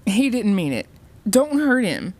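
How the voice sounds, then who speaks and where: A woman's voice: a bass voice, fairly even intonation, measured pace, darkish tone. A woman voicing a timid, frightened older mother who stutters and pleads with a shaking voice. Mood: desperate.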